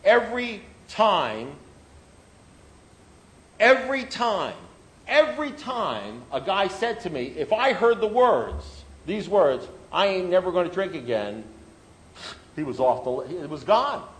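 A man's voice: mid-range voice, a little hiss or hum, poor audio. A middle-aged man speaking at a recovery meeting, blunt and emphatic, repeating phrases for effect. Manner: animated, emphatic, repetitive, blunt. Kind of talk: personal recovery talk.

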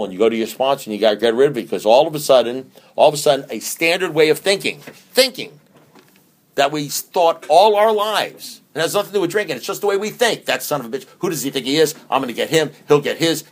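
A man speaks to a group about staying sober in an earthy, emphatic way. He circles back and repeats phrases to drive each point home. His voice sits at an everyday middle pitch. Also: darkish tone. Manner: conversational, repetitive, earthy and emphatic. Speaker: recovery meeting speaker. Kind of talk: recovery talk to a group.

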